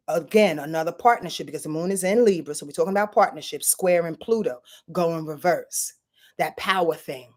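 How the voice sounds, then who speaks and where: A woman's voice: on the low side, a little mellow. A woman hosting an astrology forecast in a chatty, profane way, often laughing at herself. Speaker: astrology channel host. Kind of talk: casual spoken astrology forecast.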